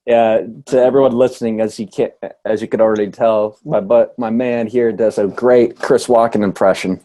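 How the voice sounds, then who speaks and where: A man hosting a casual podcast interview, easygoing and quick to laugh along. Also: fairly low pitch, fairly even intonation, warm tone. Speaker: podcast host.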